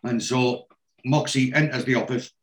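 A man from England, speaking in a mid-range voice at normal speed with a steady tone, hosts a casual podcast chat. The topic is a TV episode, whose scenes he retells while quoting the characters.

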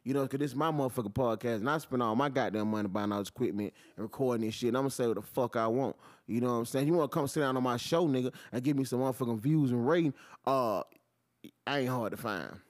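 A man, hosting his own podcast and ranting about sports in an animated, profane style. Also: fast talker. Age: 40s. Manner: animated, swings from low mutter to loud outbursts, heavy cursing. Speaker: podcast host. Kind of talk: profane solo sports rant.

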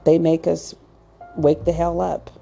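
A woman's voice: sits low, flat delivery, measured pace, creaky, dark tone, faint music behind. A woman talking casually to viewers in a rambling, chatty monologue with acted asides and frequent restarts. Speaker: pet owner giving advice.

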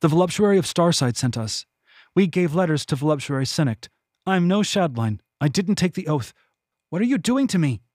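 A man's voice: a little high, sing-song, fairly quick, a little mellow, dry recording, studio quality, pitched above the performer's own voice. A man voicing a frightened young woman captive in a fantasy audiobook, speaking in a strained, pleading way. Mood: pleading fear.

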